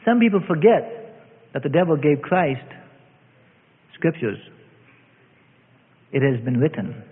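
A man preaching a sermon with dramatic swings between loud and hushed delivery, heard as a tinny lo-fi recording in a reverberant hall. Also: a little high, big pitch swings, slow.

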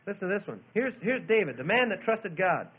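A man preaching a sermon, telling a childhood story and then reading scripture with loud emphasis. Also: high voice, sing-song, fairly quick, slightly rough. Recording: tinny phone-like old recording.

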